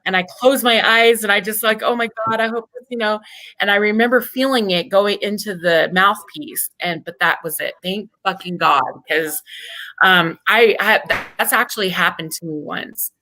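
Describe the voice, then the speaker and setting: A woman in casual chat, telling an animated story with some swearing. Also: medium pitch, normal speed, no echo, low-quality recording. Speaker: group chat participant.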